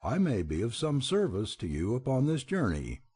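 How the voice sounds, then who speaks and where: A man voicing a frantic mother pheasant with shrill, screeching cries in a storybook. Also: wildly swooping pitch, normal speed, a little mellow, slightly rough, heavily acted. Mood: eager.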